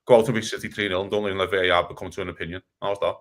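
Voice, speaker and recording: A man ranting heatedly about football on a casual podcast, swearing and talking fast. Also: low voice, steady tone, fairly bright tone. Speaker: podcast co-host.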